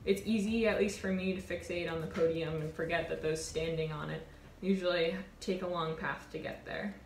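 A woman in her twenties, a college sailor, telling a reflective personal story in an earnest, warm way. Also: on the low side, fairly even intonation, normal speed, reverberant, soft background music. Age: 20s. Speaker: college sailor and award winner.

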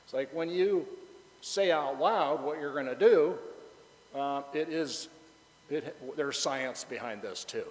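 A man's voice: fairly high pitch, takes it slowly, in a large hall, low-quality recording. A male pastor preaching a conversational sermon, chatty and joking, bantering with the congregation.

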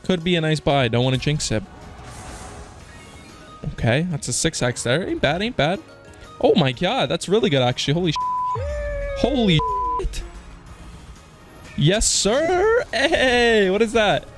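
A man giving live gambling commentary as a slots streamer, casual and slangy, swearing and bursting into yells on big hits. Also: a little high, lively intonation, normal speed, pauses often, soft background music. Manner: casual slang, keeps saying "dude" and "man".

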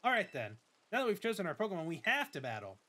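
A man's voice: high-pitched, wildly swooping pitch, quick pace, pushed and bright, pitched above the performer's own voice, exaggerated voice. A man voicing a bubbly, pushy young female student who loves battling, while reading game dialogue aloud. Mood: eager.

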